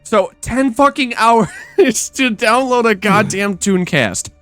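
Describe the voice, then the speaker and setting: A man's voice: sits high, slow, fairly bright tone, soft background music. A man hosting a podcast, telling stories in an exasperated, profane casual rant. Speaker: podcast host. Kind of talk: casual ranting storytelling.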